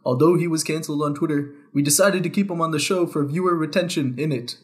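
A man plays a cheesy talent show host introducing contestants in an announcer manner. The voice sits a little higher than most men's, and the reading stays quick and plain. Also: natural voice. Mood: announcing.

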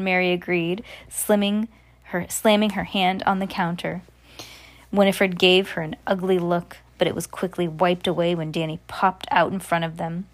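A woman's voice: lowish voice, flat delivery, moderate pace. Woman casually reading a novel aloud. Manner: chatty, self-correcting. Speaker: audiobook reader.

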